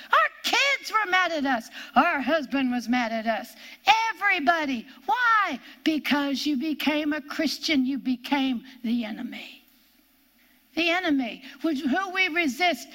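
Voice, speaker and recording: A woman's voice: high voice, sharp tone. A woman preaching a sermon, emphatic, repeating key phrases and drawing out her stresses.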